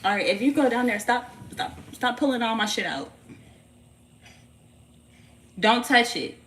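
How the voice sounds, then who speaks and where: A woman's voice: on the high side, a little fast, slight background noise. A woman chatting casually on a tarot livestream, playful and slangy, often laughing and talking to a baby. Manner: playful and loose, teasing a baby between readings; slangy and profane, bursts into laughter. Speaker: tarot reader and streamer.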